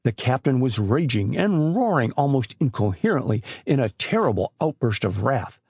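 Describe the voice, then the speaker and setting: Husky guy reading an audiobook, dry close mic, expressive. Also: medium pitch, moderate pace, no echo. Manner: expressive storytelling. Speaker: audiobook narrator. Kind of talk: audiobook narration.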